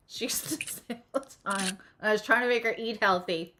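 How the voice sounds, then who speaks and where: A woman's voice: mid-range voice, moderate pace, noisy background. A middle-aged woman hosting a live stream, chatting casually, laughing often and reading comments aloud. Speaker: live-stream host and astrologer.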